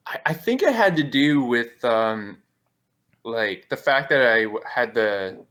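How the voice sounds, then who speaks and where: A man's voice: mid-range voice, animated, measured pace, fairly bright tone. A man guest on a call-in talk show, telling a personal story in a rambling way with many "like" fillers. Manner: rambling, heavy use of "like" fillers.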